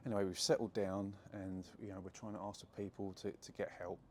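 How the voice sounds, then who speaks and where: Speaking quickly in a low, flat voice, a young adult property investor recounts a true story to camera, chatty and full of fillers. Slight background noise can be heard.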